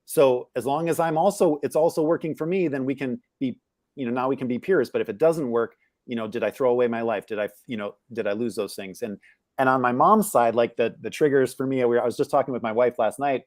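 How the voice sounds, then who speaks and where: A man's voice: mid-range voice, brisk, a little mellow, no room sound. Candid middle-aged male guest, dry sound. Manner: candid, searching, many restarts and fillers. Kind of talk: reflective personal storytelling.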